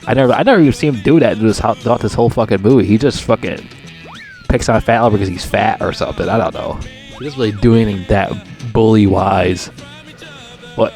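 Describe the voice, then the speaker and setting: Low-voiced man ranting profanely. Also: a little mellow. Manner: profane, rambling, digressive; exasperated outbursts with pitch jumps. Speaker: movie reviewer. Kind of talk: casual rambling review.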